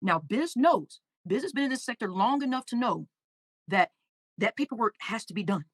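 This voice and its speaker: A woman hosting a casual livestream, reading out viewer comments and talking with emotion, often halting and repeating her words. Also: fairly high pitch, sing-song, no room sound. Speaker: livestream host.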